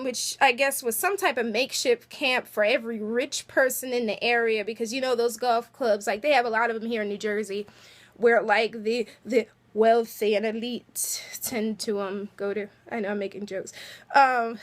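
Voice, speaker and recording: A woman's voice: a little high, steady tone, moderate pace, a bit bright. A woman casually recapping a TV episode on her vlog in a chatty, giggly way, full of filler words. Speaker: vlogger.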